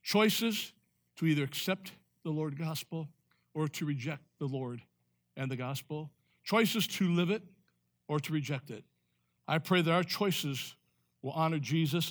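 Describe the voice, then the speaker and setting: A male pastor delivering a sermon, telling a story with sudden loud rises and hushed drops. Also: on the high side.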